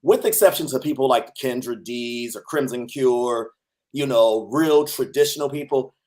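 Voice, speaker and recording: A man's voice: medium pitch, moderate pace, a little mellow. Midwest guy on a stream, hesitant, lots of uhs, mid voice. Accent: Midwestern American. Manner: hesitant, many fillers and restarts. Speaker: guest. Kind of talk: casual chat.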